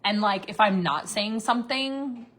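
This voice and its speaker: Young woman venting live to her viewers, swears a lot, says like constantly, mid pitch. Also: measured pace, a bit bright. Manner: blunt, swears freely, filler-heavy. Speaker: livestreamer. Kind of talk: candid casual livestream rant.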